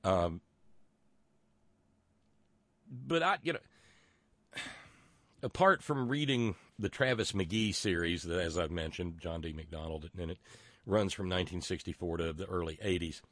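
A middle-aged man with a low voice hosts a political commentary podcast at a moderate pace, with no echo on the recording. He is sardonic and profane, often stammering and restarting his sentences.

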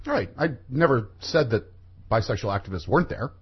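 A man's voice: mid-range voice, lively intonation, brisk, breathy edge, lo-fi sound. A man co-hosting a talk radio show, chiming in matter-of-factly. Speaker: radio co-host. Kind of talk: casual talk radio banter.

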